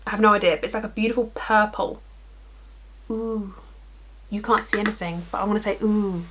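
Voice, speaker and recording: A woman's voice: mid-range voice, fairly even intonation, fast, a bit bright. A young woman chatting casually through a makeup tutorial, rambling and poking fun at herself as she works in front of a mirror. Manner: chatty, self-deprecating, rambling asides. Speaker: makeup vlogger.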